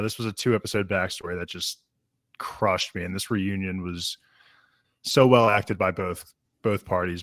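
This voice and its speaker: A man's voice: fairly low pitch, a bit bright, no room sound, studio quality. A man in his thirties co-hosting a podcast, talking in a casual, rambling and emotional way about a series he loves. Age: 30s. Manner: emotional, rambling, self-deprecating. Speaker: podcast co-host. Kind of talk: casual chat.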